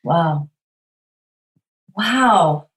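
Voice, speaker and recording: A woman's voice: fairly low pitch, expressive, very slow. A woman podcast host who interviews her guest, affirming what she hears and asking long, searching questions. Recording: roomy echo.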